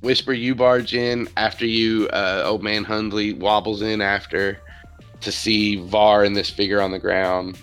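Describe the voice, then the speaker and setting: A man's voice: lowish voice, little pitch movement, a little slow, fairly bright tone, clear, resonant tone, faint music behind. A man narrating as game master in a casual tabletop role-playing session, often laughing.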